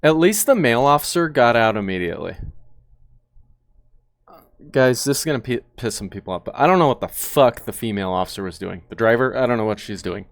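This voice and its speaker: A man's voice: medium pitch, lively intonation, fairly quick, no echo. A man and former police officer giving blunt, profane, analytical commentary on body cam footage.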